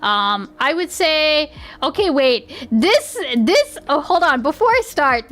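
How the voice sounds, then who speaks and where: High-pitched young woman streamer, giggly, rambly, keeps restarting sentences. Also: very animated, slow, a bit bright. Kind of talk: casual livestream chat.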